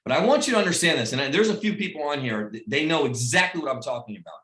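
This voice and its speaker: A man's voice: on the high side, lively intonation, racing. Emphatic middle-aged man, roomy echo. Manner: emphatic and repetitive, swinging from loud pep-talk to quiet personal storytelling. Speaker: team leader addressing his recruits. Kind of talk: motivational speech on a video call. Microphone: video call.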